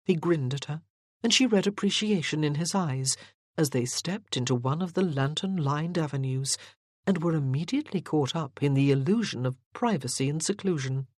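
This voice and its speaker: An audiobook narrator reading a historical romance in a measured, even storytelling manner. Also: mid-range voice, dry recording, clean studio sound.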